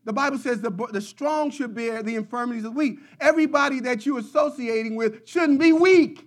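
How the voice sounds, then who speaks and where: A man preaching a sermon, dropping to quiet low passages and rising to shouted peaks, repeating phrases in rhythmic runs. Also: fairly quick.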